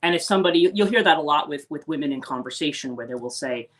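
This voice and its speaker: A woman's voice: sits low, animated, fast talker, a bit bright. A woman hosting a spiritual life coaching livestream, talking casually and rambling, with many restarts and acted-out quotes. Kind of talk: casual unscripted livestream talk.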